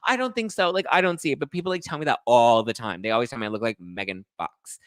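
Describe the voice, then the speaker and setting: A man's voice: mid-range voice, quick pace, clear, resonant tone, no echo, studio quality, natural voice. A man voicing a coy young woman who giggles and plays innocent about a compliment. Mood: coy, giggly.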